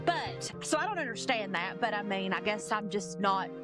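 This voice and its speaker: A woman's voice: medium pitch, animated, moderate pace, loud music behind the voice. A woman co-hosting a podcast, recapping episodes in a rambling, casual way full of "like" and "you know.". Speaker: podcast co-host. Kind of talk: casual chat.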